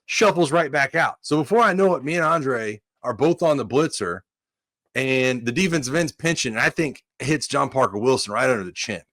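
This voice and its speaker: Clean studio audio with no room sound captures a man's mid-range voice at normal speed. A former college offensive lineman, he chats casually on a sports podcast, telling stories with animation, acting out quotes, and often saying "dude."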